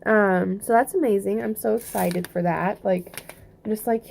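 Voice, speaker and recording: A young woman with a soft Southern accent talks straight to her camera in a loose, rambling way. She circles back on her thoughts, filling pauses with ums and likes. Her voice sits at an ordinary middle pitch. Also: steady tone, gravelly, slight background noise. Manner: chatty, rambling, many fillers and restarts. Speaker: vlogger. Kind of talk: casual pregnancy update vlog.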